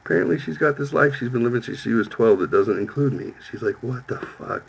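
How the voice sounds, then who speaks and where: A man's voice: medium pitch, fairly quick, gravelly, husky, low-quality recording. A man in his fifties, a podcast host telling a profane story in casual chat, acting out the lines of the people in it. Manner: profane, animated storytelling with quoted voices.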